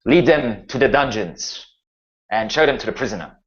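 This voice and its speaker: A man's voice: mid-range voice, expressive, moderate pace, lightly acted. A man voicing a grim human general who speaks formally and gives orders. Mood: formal, stern. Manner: formal, commanding speech. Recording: muffled lo-fi recording.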